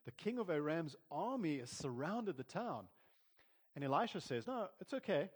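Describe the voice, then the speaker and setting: A man's voice: a little high, big pitch swings, normal speed, slightly rough. A man preaching a sermon in an earnest, conversational way, often restarting his words. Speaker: pastor. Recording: long hall reverb.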